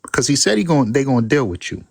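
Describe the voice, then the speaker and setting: A man running a heated live-stream debate, his voice swinging widely up and down as he presses his point. He talks over the others and keeps telling them to calm down. The sound is close and dry, with no room around it. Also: mid-range voice, fast, gravelly, slightly rough, no echo.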